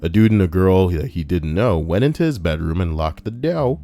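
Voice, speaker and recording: A young man casually reading a list aloud on a live stream and chatting with viewers, animated and prone to ranting in put-on voices. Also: moderate pace. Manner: animated, breaks into high-pitched put-on voices and rants. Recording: soft music underneath. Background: soft background music.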